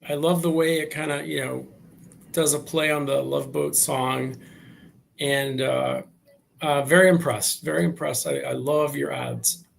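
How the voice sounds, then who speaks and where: A man in his sixties joins a webinar over a video call as a guest. His voice is deeply gravelly with fry throughout. He reminisces in an easygoing way, pausing on fillers. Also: steady tone. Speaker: guest, cruise executive. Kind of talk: casual chat.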